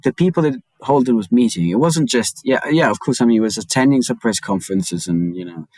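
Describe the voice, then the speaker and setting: Guest journalist: deep-voiced man, quick and stammering storyteller. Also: darkish tone, breathy edge, no echo, poor audio. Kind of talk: casual interview chat.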